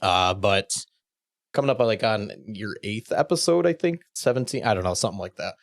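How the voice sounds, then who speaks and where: A man hosting a casual chat show, talking in a hesitant, halting way. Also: fairly low pitch, lively intonation, creaky, no room sound, clean studio sound. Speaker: host.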